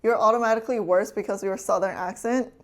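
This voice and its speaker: A woman's voice: mid-range voice, steady tone, fast. A woman streamer chatting casually with her chat while cooking, teasing and laughing often.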